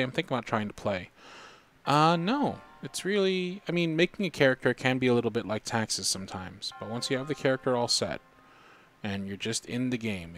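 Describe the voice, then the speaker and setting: A man's voice: mid-range voice, fairly bright tone. A man streaming a video game, chatting casually and in a rambling way with his viewers. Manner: laid-back, rambling. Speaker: gaming streamer. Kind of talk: casual gaming commentary.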